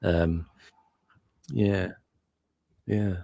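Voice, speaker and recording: Deep-voiced man musing in casual chat. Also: fairly even intonation, very slow, gravelly, mellow, dry recording. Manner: musing, meandering with many asides. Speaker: guest commentator.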